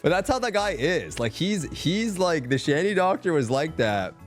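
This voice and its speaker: A man's voice: a little high, very animated, moderate pace, faint music behind. A young man and streamer telling a story in casual chat, rambling with lots of filler words and swearing.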